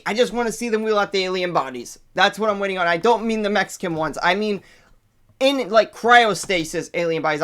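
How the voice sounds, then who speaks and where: A man hosting his own channel, ranting in an excitable, profane way that swings between hype and anger. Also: high-pitched, fast talker. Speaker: channel host. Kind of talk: casual vlog rant.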